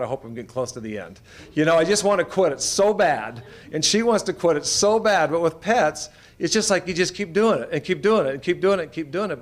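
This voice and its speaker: Folksy middle-aged man telling stories. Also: fairly high pitch. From Idaho, USA. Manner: folksy, anecdotal, acts out quoted voices. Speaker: veterinarian speaker. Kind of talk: storytelling talk to an audience.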